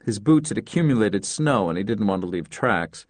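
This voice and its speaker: A man narrating a story as an audiobook in a measured, understated way. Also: lowish voice, lively intonation, no room sound.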